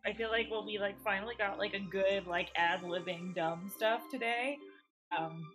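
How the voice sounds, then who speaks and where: A woman player rambling casually with loads of "like" and "um", at a mid pitch. Clear background music runs under her voice. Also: fairly even intonation, normal speed. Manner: rambling, many fillers. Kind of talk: casual out-of-character chat.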